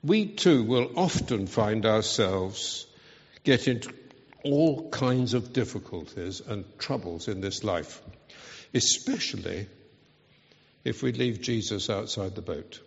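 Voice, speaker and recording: A man preaching a sermon at a slow, deliberate pace. His delivery is earnest and emphatic. The sound is dull and rings with a long hall reverb. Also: on the low side, animated, creaky.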